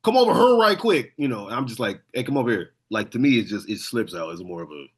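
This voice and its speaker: A young man with a light St. Louis accent chatting on a podcast, expressive and emphatic, and he swears freely. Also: lowish voice, fast, slightly rough. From St. Louis, Missouri. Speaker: podcast co-host. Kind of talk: casual chat.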